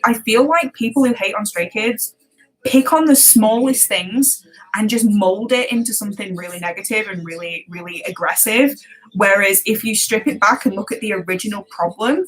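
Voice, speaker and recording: A woman's voice: medium pitch, rough recording. A woman with a British accent chatting casually on a live stream, passionate and talkative, laughing often and restarting her sentences. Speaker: live-streaming reaction YouTuber.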